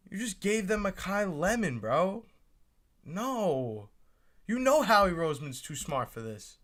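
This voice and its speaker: A man's voice: sits high, a bit bright. A young man streaming live reactions to a sports draft, pleading and exasperated, often repeating himself. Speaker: fantasy football streamer.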